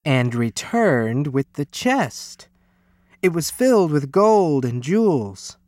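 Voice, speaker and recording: A man reading a children's picture book aloud as storyteller, unhurried and expressive. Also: a little high, no echo, studio quality.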